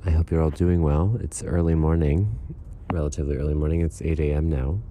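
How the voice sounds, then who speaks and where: Very deep, dark-voiced young man. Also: slight background noise. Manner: relaxed, unhurried, meandering. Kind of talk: casual personal audio diary. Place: outdoors on a wide fire escape in the morning.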